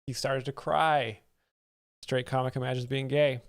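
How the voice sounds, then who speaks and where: A man hosting a livestream where he explains comedy clips, with deadpan, sarcastic asides. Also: mid-range voice, a little slow, very noisy. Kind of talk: dry livestream commentary.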